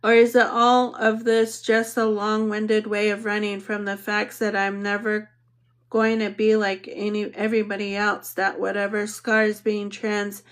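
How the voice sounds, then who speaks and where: A woman narrating an audiobook in the first person, reading in a measured, reflective way. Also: medium pitch, monotone.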